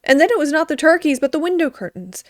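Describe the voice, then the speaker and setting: A woman reading a story aloud in a gentle, expressive way. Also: sits high, fast, no room sound, studio quality.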